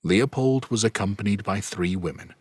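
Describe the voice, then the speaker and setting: A man narrating a fantasy audiobook in a steady, even storytelling manner. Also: lowish voice, normal speed, husky, dry recording. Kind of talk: scripted narration.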